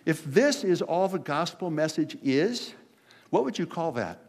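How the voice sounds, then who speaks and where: Man preaching with lively storytelling. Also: on the high side, unhurried. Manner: conversational preaching, animated storytelling with voiced quotes. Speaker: pastor. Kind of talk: sermon.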